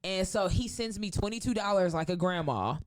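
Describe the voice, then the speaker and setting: A woman guest on a podcast, telling a story with excitement and plenty of swearing, acting out the people in it with big jumps in her voice. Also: a little fast. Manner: excitable, profane, acts out quotes with big pitch jumps. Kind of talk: animated storytelling in casual chat.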